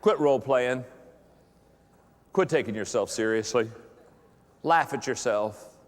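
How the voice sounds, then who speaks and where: An unhurried, medium-pitched middle-aged man addresses pastors with a humorous motivational talk in a large hall. Long reverb follows as he jokes and playfully acts out other people's voices.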